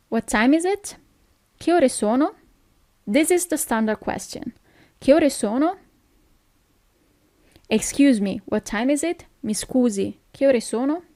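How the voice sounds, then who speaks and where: A woman teacher walks beginners through phrases one at a time, saying each slowly and clearly. Her voice sits a little high, and the recording is close and dry, with no room sound. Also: a little mellow, dry recording. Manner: repeats each phrase slowly, checks in with "okay?". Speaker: Italian language teacher. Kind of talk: slow, clear phrase lesson.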